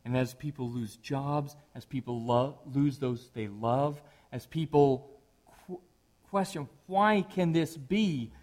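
A middle-aged pastor preaches a sermon slowly in a mid-range voice. His delivery is conversational, rising now and then into animated emphasis.

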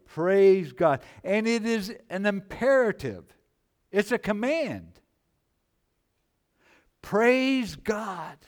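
Guy preaching slow n emphatic, repeats stuff, goes from loud bursts to real quiet, voice a bit high. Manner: swings from loud exclamations to low, hushed delivery. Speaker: pastor. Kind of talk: sermon.

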